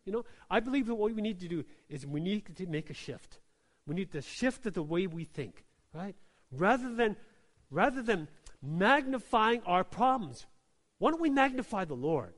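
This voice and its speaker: A male pastor preaches in a high voice, calling out for "Amen?" and "right?" as he goes. His delivery is very animated, dropping to soft asides and rising to emphatic exclamations, and it rings through a reverberant hall. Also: normal speed. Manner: call-and-response, repeats "Amen?" and "right?"; emphatic, swings between soft low asides and raised exclamations. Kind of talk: sermon.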